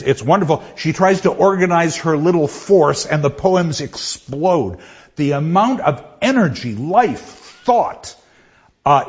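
Enthusiastic male lecturer, lively rising and falling pitch, dull lo-fi classroom recording. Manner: enthusiastic, halting with restarts and fillers. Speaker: literature lecturer.

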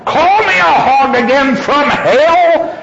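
A man shouting as a furious proud Southern woman. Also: extremely high pitch, expressive, takes it slowly, gravelly, noisy background, voice pushed up, full character voice. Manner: shouting, outraged. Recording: lo-fi echoey hall.

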